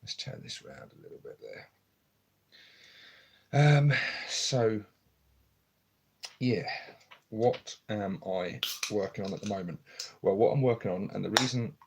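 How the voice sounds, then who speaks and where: A man chatting quietly and casually on a live stream at home, filmed on his phone, rambling with lots of ums. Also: on the low side, a little slow, long pauses, husky. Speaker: hobby streamer. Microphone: phone camera.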